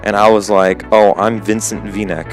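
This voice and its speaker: A man's voice: lowish voice, steady tone, measured pace, soft background music. A teenage boy and gaming channel host telling a story casually, rambling with lots of fillers. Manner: rambling, full of "like" and "um".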